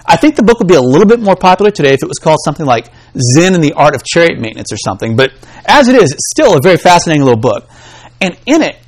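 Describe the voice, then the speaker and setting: A man preaching a sermon in an animated way, acting out the voices he quotes. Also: high voice, fast.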